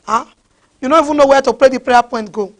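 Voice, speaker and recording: A woman preaching a sermon, animated, mixing in pidgin and often asking the crowd "huh?". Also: high-pitched, quick pace. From West Africa.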